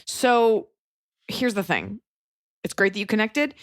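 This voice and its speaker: A woman's voice: mid-range voice, big pitch swings, slow pace. A young adult woman hosting a podcast, giving blunt, profane advice in a casual chat and jumping into quoted voices. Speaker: podcast host.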